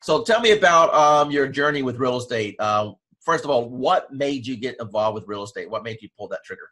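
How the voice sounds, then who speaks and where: A man's voice: medium pitch, lively intonation, brisk, a bit bright. A man hosting an interview, asking clients leading questions that prompt their stories. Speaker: host and interviewer. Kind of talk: testimonial interview.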